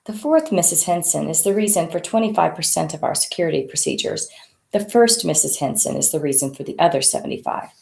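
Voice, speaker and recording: Dry matter-of-fact security guy, read by a woman, low gravelly. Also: animated, fast, darkish tone, roomy sound. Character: dry male head of security.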